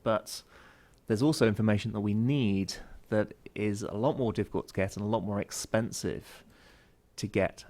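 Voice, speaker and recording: A man's voice: fairly low pitch, darkish tone. A man answering questions on a panel discussion, hesitant, with many fillers and restarts; he teaches classes. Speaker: university teacher.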